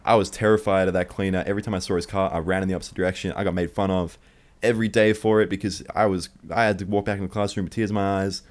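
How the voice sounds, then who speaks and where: A man's voice: sits low, flat delivery, racing. A young man telling a true childhood story in one take, rambling and profane.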